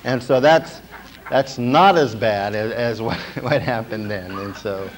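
A man's voice: on the low side, unhurried, slight background noise, rough recording. A man preaching a sermon as pastor, emphatic and repetitive, often checking in with the congregation.

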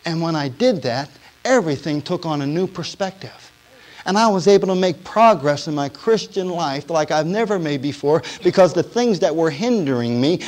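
A man preaching a personal testimony, telling his story and asking the congregation questions, shifting between hushed and emotional passages. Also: high-pitched, low-quality recording. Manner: storytelling, asks the audience questions; swings from quiet to loud and emotional. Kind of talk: sermon testimony.

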